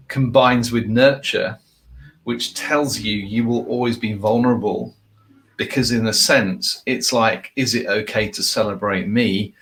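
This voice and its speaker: A man with a somewhat low voice hosts a conversation and lays out his advice to the guest. He speaks at a measured pace in long, reflective sentences. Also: fairly bright tone. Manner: thoughtful, explains in long sentences. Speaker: podcast host.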